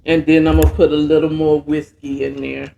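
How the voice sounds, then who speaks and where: A woman's voice: low voice, little pitch movement, moderate pace, vocal fry, dull audio, noisy background. A woman hosting a casual bedtime story recap, chatting in a laid-back, slangy way while mixing and sipping a cocktail. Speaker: host and storyteller.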